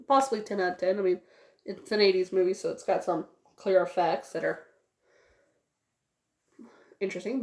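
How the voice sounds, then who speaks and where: A woman's voice: medium pitch, roomy sound. A woman giving a casual spoken movie review, rambling with many fillers.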